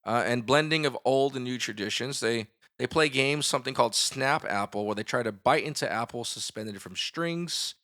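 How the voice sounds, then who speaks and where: Bright-voiced father hosting a podcast. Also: mid-range voice, moderate pace, hardly any pauses. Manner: joking, reads facts aloud. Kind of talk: casual chat.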